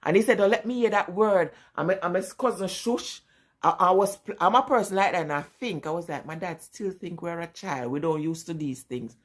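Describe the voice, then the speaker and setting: A woman's voice: lowish voice, brisk. A middle-aged woman with a Jamaican accent telling family stories in a casual vlog, often breaking into laughter. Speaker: vlogger. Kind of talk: casual storytelling.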